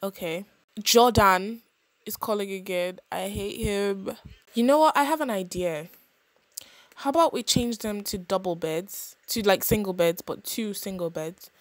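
A young woman casually narrating a life-sim game, chatty and expressive with quick reactions. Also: medium pitch, no room sound. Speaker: gaming channel host.

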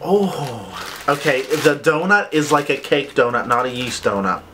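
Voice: mid-range voice, expressive, unhurried, noisy background. A vlogger chatting casually during an unboxing, with lots of "like" fillers. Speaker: vlogger reviewing candle scents.

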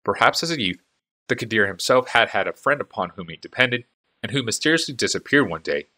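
A man's voice: fairly low pitch, expressive, brisk, pushed and bright. A man reading a fantasy novel aloud as a fan audiobook, telling the story expressively. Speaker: audiobook narrator.

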